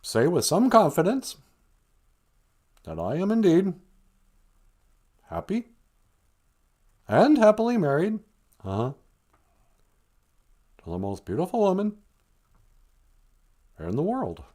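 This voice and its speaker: A man doing a comic impression of a former male president who speaks slowly with deliberate, halting pauses. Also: sits high, wildly swooping pitch, a little mellow, voice pushed up, full character voice. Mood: measured.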